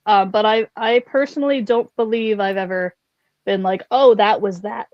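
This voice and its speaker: A woman telling stories as a guest in a casual podcast chat, animated and full of "like". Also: mid-range voice, normal speed, dry recording, dull audio.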